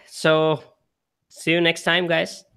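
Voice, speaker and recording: A man's voice: fairly high pitch, monotone, slow, creaky, pushed and bright, clear, resonant tone. A man hosting a casual live-stream chat, speaking hesitantly and often restarting his sentences. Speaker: host.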